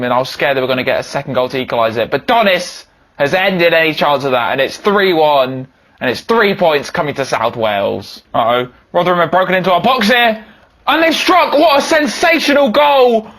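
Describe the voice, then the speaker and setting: A young man giving excitable commentary over a football video game, yelling when goals go in. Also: fairly high pitch. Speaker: gaming YouTuber.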